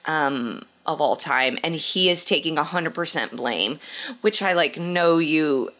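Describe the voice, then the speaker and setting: A woman co-hosting a casual sports podcast, animated, with laughing, mock-outraged asides. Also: low voice, measured pace. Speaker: podcast co-host.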